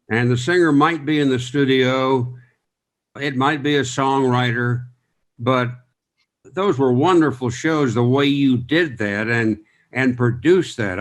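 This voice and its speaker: A man hosting a relaxed interview, steering the talk with warm, encouraging questions. His voice sits at an ordinary mid pitch with a conversational pace. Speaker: interview host.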